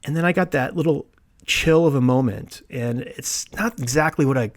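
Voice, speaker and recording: A man's voice: mid-range voice, normal speed. A man hosting a solo podcast, telling a personal story in a rambling way with restarts and quoted asides. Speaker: podcast host.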